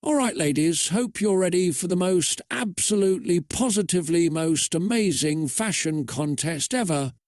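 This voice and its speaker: A man playing a gushing fashion-contest host who announces everything in a showy, over-the-top way. His voice sits a little higher than usual for a man and is recorded dry and close. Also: lively intonation, moderate pace, few pauses, darkish tone, no echo.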